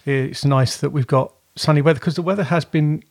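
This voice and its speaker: A man's voice: a little high, fairly even intonation, brisk, no room sound, clean studio sound. A man co-hosting a podcast from home, chatting in a rambling way and often correcting himself. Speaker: podcast co-host. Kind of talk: casual chat.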